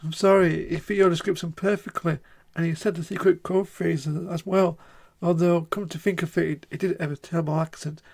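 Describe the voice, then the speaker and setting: A man's voice: fairly high pitch, steady tone, fairly quick, creaky, few pauses, a little mellow. A man reading as a stammering nervous female clerk. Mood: flustered. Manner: stammering, trembling. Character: nervous female music store clerk, spy. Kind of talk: reading game dialogue aloud on stream.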